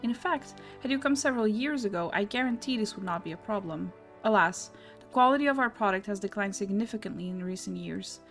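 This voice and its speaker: A woman reading a game townsperson's dialogue aloud in a measured, storytelling way. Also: mid-range voice, expressive, soft background music, lightly acted. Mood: wistful.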